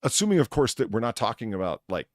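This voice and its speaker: A man hosting a casual chat about accents, animated and a little crude, often trailing off mid-sentence. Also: fairly low pitch, fast, no echo, clean studio sound. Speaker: podcast host.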